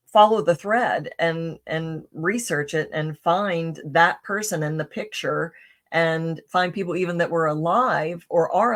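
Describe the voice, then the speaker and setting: A woman's voice: lowish voice, fairly bright tone. Chatty woman telling a personal story. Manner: chatty, many fillers and restarts, asks "right?". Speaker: podcast guest. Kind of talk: casual interview storytelling.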